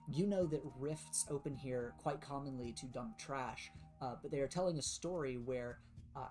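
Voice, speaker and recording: A man's voice: medium pitch, darkish tone. Casual game master man. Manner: casual, many fillers and restarts. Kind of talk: narrating a tabletop game.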